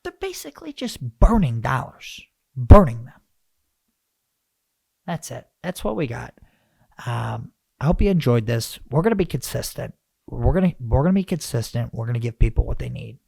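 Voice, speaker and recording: A man hosting a podcast, rambling and animated as he rants, with lots of restarts. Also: mid-range voice, a little fast, vocal fry, slightly rough, dry recording, clean studio sound. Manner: animated, rambling, self-interrupting. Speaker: podcast host. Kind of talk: casual podcast rant.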